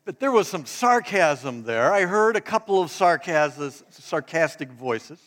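A man's voice: a little high, sing-song, a little slow, fairly bright tone. A man preaching a casual, joking sermon who talks straight to the congregation and gets them to take part. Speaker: pastor. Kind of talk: sermon with audience participation.

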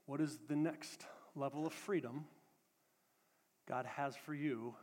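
Pastor, male, fairly high voice, sermon in a sanctuary, emphatic repetition mixed with relaxed announcements. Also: takes it slowly, big-room sound. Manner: preaching with rising emphatic repetition, then casual announcements. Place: church sanctuary.

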